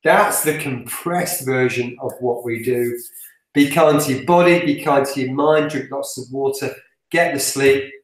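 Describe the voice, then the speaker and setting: A man's voice: medium pitch, measured pace. British guy cracking dry jokes on a podcast, real roomy echo on him. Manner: wry, sarcastic, joking. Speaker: podcast co-host. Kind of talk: casual podcast chat.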